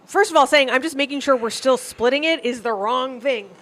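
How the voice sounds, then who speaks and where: Woman, somewhat high voice, podcast co-host, blunt, profane, mock-scolding. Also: a little fast, a bit bright. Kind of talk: casual comedic podcast banter.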